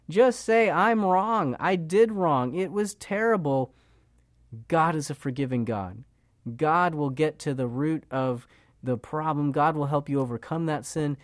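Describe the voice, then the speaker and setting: A man's voice: on the high side, no room sound, clean studio sound. A man delivering an earnest sermon, often repeating words and using fillers as he speaks. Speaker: preacher.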